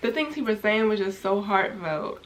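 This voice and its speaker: A woman's voice: mid-range voice, expressive, normal speed, slight background noise. A young woman talking candidly to her camera in a casual personal vlog, rambling with many fillers as she reflects on grief. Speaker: vlogger.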